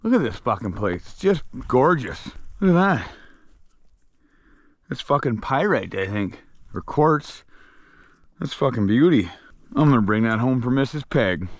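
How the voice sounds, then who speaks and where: A man hosting a casual road-trip vlog, talking in a profane, rowdy, excitable way into a handheld phone in his truck and outdoors. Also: medium pitch, a little slow, pauses often, dry recording. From Canada. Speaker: vlog host.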